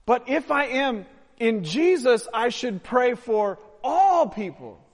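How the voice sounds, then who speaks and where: Playful high-voiced preacher in echoey hall. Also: male voice, very animated, slow. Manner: playful, joking with the congregation. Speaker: pastor. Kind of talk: sermon with audience participation. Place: church sanctuary.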